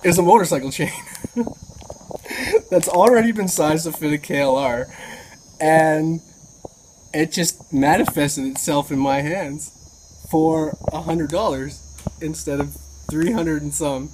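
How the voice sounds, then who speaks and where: Excitable woman, noisy outdoors. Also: low-pitched, measured pace. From Canada. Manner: excitable, incredulous, swears freely. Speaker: motorcycle travel vlogger. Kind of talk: casual video diary.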